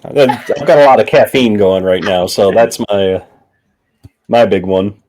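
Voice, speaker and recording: A man's voice: on the low side, measured pace, a little mellow. A man co-hosting a podcast, chatting in a laid-back way and laughing easily. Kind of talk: casual chat.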